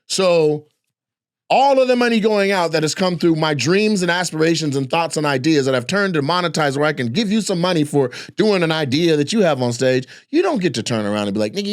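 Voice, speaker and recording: A man's voice: fairly high pitch, no room sound, clean studio sound. A man, a comedian, delivering a heated, profane, repetitive rant as comedic commentary.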